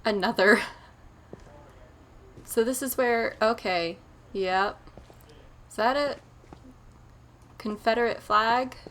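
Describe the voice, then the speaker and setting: A woman's voice: on the high side, takes it slowly, long pauses, fairly bright tone. A woman hosting a horror game let's play, chatty and nervous, talking to herself as she explores. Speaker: gaming channel host.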